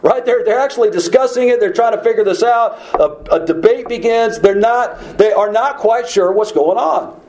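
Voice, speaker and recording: A man's voice: high voice, normal speed, hardly any pauses, background noise. A man teaching a sermon through a Bible passage in a conversational way, asking rhetorical questions. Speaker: preacher.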